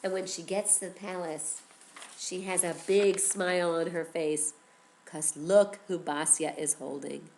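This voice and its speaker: Lady teacher reading out a kids story, slow and expressive, lots of questions. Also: on the low side, slight background noise. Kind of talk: storytelling lesson for children.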